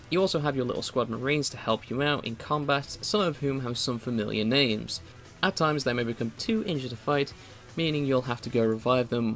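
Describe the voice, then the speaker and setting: Male reviewer for a voice-over, mid-pitched, dry quips in a scripted read, faint music underneath. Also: a bit bright. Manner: wry, opinionated asides. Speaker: video game reviewer.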